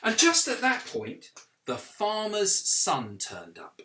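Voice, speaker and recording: A man telling a children's story as a vicar, in an animated way, with sound effects and questions to the listening children. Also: sits high, slow.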